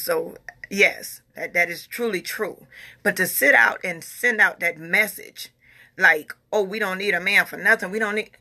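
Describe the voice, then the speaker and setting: A woman's voice: medium pitch, bright, forceful tone. A woman in her forties talking casually and emphatically, repeating herself as she answers viewer comments. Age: 40s. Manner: emphatic, repeats phrases, Southern American informal grammar. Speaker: vlogger reading viewer comments. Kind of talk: casual opinionated talk.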